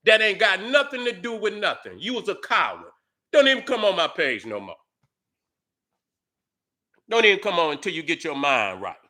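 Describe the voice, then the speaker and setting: Middle-aged male vlogger, angry profane rant, high bright edgy voice, shouts. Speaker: YouTube commentator. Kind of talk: heated commentary to viewers.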